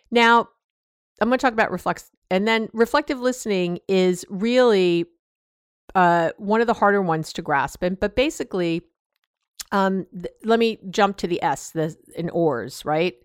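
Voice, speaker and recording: A woman's voice: medium pitch, smooth, no room sound, clean studio sound. A woman hosting a podcast, giving casual advice and acting out sample lines of dialogue, with many fillers and restarts. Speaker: podcast host.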